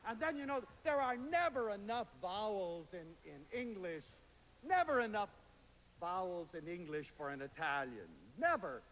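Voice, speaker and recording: A man giving a lively lecture to an audience, telling stories and slipping into playful voices when he quotes people. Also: high voice, moderate pace, hardly any pauses. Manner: animated storyteller, quotes others in playful voices. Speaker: public speaker. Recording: hall reverb, faint hiss.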